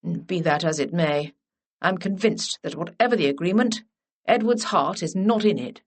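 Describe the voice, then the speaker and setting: A woman voicing an imperious elderly aristocratic dowager who speaks in a brisk, commanding way, in a storybook reading. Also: fairly low pitch.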